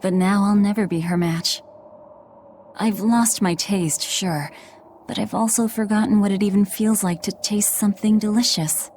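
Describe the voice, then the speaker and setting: A woman's voice: medium pitch, fairly even intonation, moderate pace, darkish tone, lightly acted. A blunt, guarded young woman, voiced by an actress, speaks tersely in a mid-range, subdued voice. A faint ambient hum sits under the game dialogue. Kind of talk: game voice acting.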